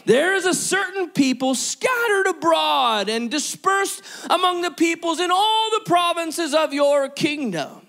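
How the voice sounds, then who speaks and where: A pastor voicing a sneering villainous royal adviser. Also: male voice, very high-pitched, very animated, a little slow, creaky, few pauses, bright, forceful tone, voice pushed up, exaggerated voice. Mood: scheming. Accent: put-on British. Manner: sneering, menacing, like a cartoon villain.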